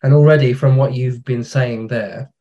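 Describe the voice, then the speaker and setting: A man's voice: medium pitch, steady tone, moderate pace, warm tone, lo-fi sound. A man, a podcast guest who tells stories about his working life in a frank, chatty way. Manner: anecdotal storytelling, frank, British slang. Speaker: podcast guest, digital marketer. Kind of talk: casual conversation.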